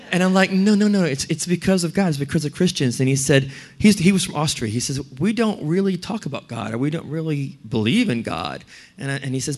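Man, pastor, sermon, slightly high voice, animated, emphatic storytelling.

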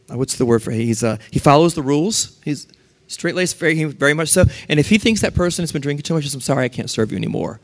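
Animated man preaching a sermon. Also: on the high side. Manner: animated, acts out quoted voices. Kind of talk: sermon with scripture reading.

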